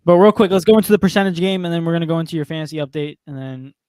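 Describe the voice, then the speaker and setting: A man's voice: a little high, racing, darkish tone. A young man co-hosting a casual sports podcast, keeping the show moving in an upbeat, joking way. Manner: upbeat, steers the show, jokey. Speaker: podcast co-host.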